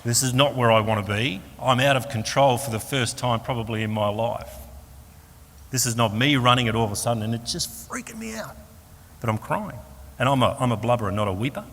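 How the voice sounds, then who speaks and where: An Australian man giving a personal faith testimony at a fellowship meeting, an animated storyteller who acts out the voices of the people in his story. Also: mid-range voice, fast. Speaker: speaker at a Christian fellowship meeting. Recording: long hall reverb, faint room noise.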